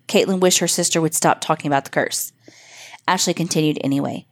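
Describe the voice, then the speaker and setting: A woman narrating a scripted spooky story for children in a measured, suspenseful way. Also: sits low, fairly even intonation.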